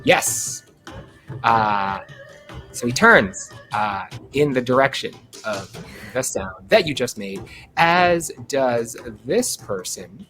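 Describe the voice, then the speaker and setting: A man running a tabletop game as game master, narrating in a halting, chatty way full of "uh" fillers. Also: medium pitch, expressive, sharp tone, faint music behind.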